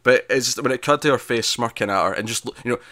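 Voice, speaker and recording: A man hosting a podcast, retelling a TV episode in casual chat, animated and laughing, with many fillers and restarts. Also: medium pitch, fast, no echo. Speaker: podcast host reviewing a TV episode.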